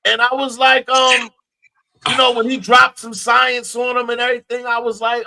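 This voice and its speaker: A man's voice: very high-pitched, completely flat delivery, moderate pace, pushed and bright, rough recording. A man from New Jersey co-hosting a podcast, chatting casually about movies with lots of restarts and repeated words. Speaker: podcast co-host.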